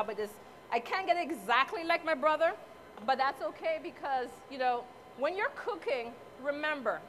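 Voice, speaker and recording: A woman with a high voice talks her way through a live cooking demonstration, playful and motherly as she chats with the audience and judges. She is picked up by a mic at some distance, with faint noise behind her. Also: a bit bright. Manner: chatty, motherly, playful asides. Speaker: cooking competitor. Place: cooking competition event space.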